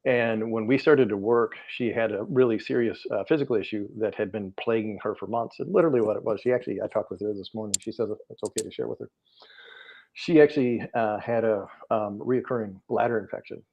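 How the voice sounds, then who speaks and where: A man's voice: lowish voice, fairly quick. A middle-aged man, a guest energy healer, telling client stories in a podcast interview, earnest and rambling with many fillers and restarts. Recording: dull lo-fi audio.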